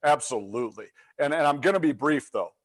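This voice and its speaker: A man's voice: fairly high pitch, a little fast. A middle-aged man, a leadership coach, telling a story with energy in a webinar and acting out the voices in it. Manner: animated storyteller, acts out quotes.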